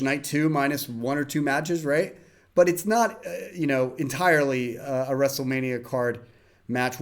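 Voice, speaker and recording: A young man hosting a casual wrestling review in a rambling way, with many fillers and restarts. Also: mid-range voice. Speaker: host.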